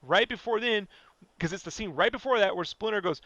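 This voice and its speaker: A man ranting casually and profanely on a podcast, animated and fired up. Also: high voice, brisk, no room sound, lo-fi sound. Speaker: podcast guest.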